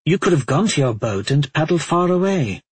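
A man voicing a sharp, questioning woman warrior in an audiobook, with a raised, calm voice. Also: fairly high pitch, moderate pace, husky, no room sound, voice pushed up, heavily acted. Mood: probing.

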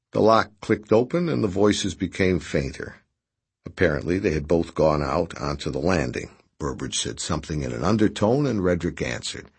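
A man narrating an audiobook in a measured, expressive way. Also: deep voice, gravelly, husky.

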